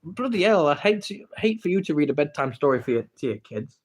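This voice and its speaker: With a fairly high, sing-song voice and a quick pace, an English man runs a casual livestream captured on his phone. He goes through the chat, teasing viewers and pleading with them for the story.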